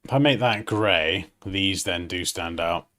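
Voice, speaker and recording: A man's voice: low voice, a little slow, fairly bright tone. A man hosting a design livestream, chatting casually as he works and laughing often at himself.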